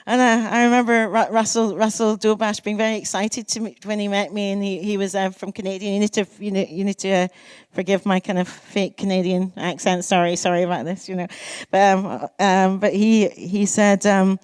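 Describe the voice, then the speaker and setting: A Scottish woman in her sixties, a poet giving a public lecture, telling lively, self-mocking stories and savouring lists. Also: medium pitch, fairly quick, smooth, no room sound. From Scotland. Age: 60s. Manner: lively storytelling, self-mocking asides, lists delivered with relish. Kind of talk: public lecture with anecdotes and readings.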